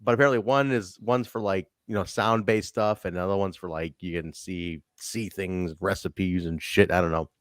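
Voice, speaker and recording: A man co-hosting a casual podcast that reviews wrestling shows. He talks in an animated way, swears freely and acts out quotes. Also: deep voice, moderate pace, few pauses, dry recording, studio quality. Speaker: podcast co-host.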